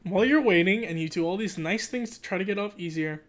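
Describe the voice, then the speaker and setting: A relaxed amateur reader works through a children's novel in one unedited take. The pitch sits in the middle range. The reader restarts stumbled words and drops into offhand comments between passages. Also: fast. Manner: breaks off for joking asides and self-corrections. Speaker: channel host reading aloud. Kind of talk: casual, unedited read-aloud of a children's book.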